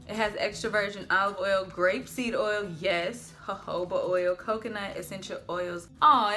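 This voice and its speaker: A woman vlogging at home as she unboxes hair products, chatty and gushing with excitement. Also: on the low side. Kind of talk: casual unboxing vlog. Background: faint background music.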